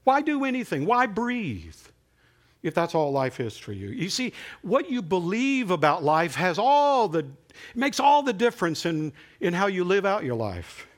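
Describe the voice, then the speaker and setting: A man preaching a sermon in a conversational, animated way, building to emphatic peaks. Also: high-pitched, a little slow.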